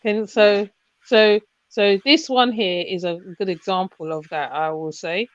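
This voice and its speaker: A woman's voice: medium pitch, steady tone, measured pace, no room sound. A woman with a hesitant manner, chatting casually with many fillers and repeated words. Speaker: mother and chat participant. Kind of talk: casual group chat. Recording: dull, dry lo-fi audio.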